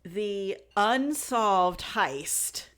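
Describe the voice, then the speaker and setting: A woman's voice: medium pitch, animated, extremely slow, fairly bright tone. A woman co-hosting a podcast, telling the story in a casual, chatty way, laughing and restarting her sentences. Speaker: podcast co-host presenting the story.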